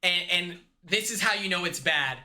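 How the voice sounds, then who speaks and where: A man's voice: high-pitched, moderate pace, pushed and bright, slight background noise. A man hosting a comedic movie recap, rambling and acting out the characters' lines himself. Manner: rambling, acts out characters in quotes. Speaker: host.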